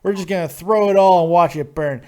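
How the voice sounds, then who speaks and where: A man's voice: high voice, brisk, a little mellow, smooth. A man hosting a call-in wrestling show, ranting crudely and sarcastically about the matches. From Nevada, USA. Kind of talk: profane call-in wrestling commentary.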